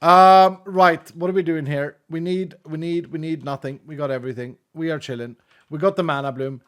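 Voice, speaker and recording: Guy streaming a game, kinda high voice, rambles and laughs a lot. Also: fairly even intonation, moderate pace, a bit bright, smooth. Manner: chatty, rambling, laughs often. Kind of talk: casual gaming commentary.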